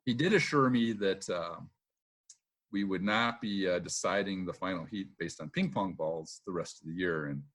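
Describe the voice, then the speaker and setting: A middle-aged man with a fairly low voice spins casual stories from his racing days. He mimics the people in them, laughs readily, and peppers his talk with "uh" and "um.". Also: moderate pace. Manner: lively anecdotes, acts out quotes, laughs often; filler-heavy with "uh" and "um". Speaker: retired boat racer, guest. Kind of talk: casual storytelling interview.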